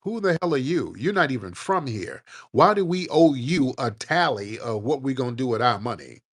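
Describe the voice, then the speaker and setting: A man's voice: mid-range voice, expressive, normal speed, slightly rough. A man hosting a call-in show, arguing bluntly and combatively and cursing freely. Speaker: show host. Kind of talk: heated live call-in debate.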